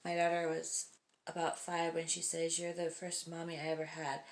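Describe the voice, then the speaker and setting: A woman hosting a video, reading short stories aloud and breaking off for casual comments and soft, whispered asides. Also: low-pitched, completely flat delivery, normal speed. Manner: laughs often and drops to whispered asides. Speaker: host.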